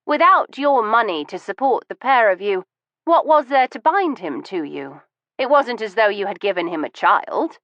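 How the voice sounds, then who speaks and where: A woman voicing a bold, sharp-witted Victorian adventuress who speaks coolly and pointedly. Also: mid-range voice, big pitch swings, moderate pace, no room sound, lo-fi sound, voice pushed up. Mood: probing. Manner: cool, pointed, mock-sympathetic. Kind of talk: audiobook reading.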